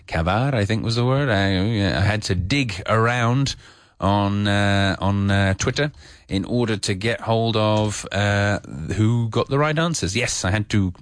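A man's voice: lowish voice, no room sound, clean studio sound. A man teaching English on the radio, talking off the cuff with many fillers and restarts. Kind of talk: unscripted radio English lesson.

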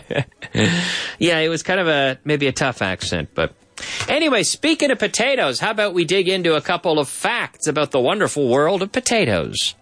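Lively animated radio host man. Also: fairly high pitch, moderate pace. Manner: animated, explains clips, drops in Spanish translations. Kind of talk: bilingual radio show chat. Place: radio studio.

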